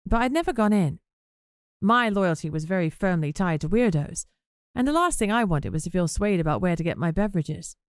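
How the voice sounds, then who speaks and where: A woman's voice: fairly low pitch, animated, fairly quick, clean tone, no room sound. Female audiobook narrator, wry first-person read, dry booth sound.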